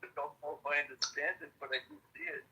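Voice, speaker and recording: A man's voice: a little high, steady tone, fast talker, pushed and bright, slightly rough, low-quality recording. A man speaking as a guest, hesitant and thoughtful, stumbling over words as he answers. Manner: hesitant, thoughtful, repeats instructions. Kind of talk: casual conversation.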